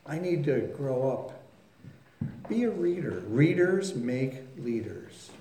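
A man's voice: medium pitch, animated, slow pace, warm tone, slight background noise. A man preaching a sermon in a folksy, storytelling way, acting out voices and sounds. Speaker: pastor. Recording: very echoey room.

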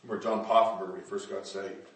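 A man preaching a sermon with fervour, building up to loud shouts. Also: deep voice, flat delivery, fast. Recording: echoey room, distant mic.

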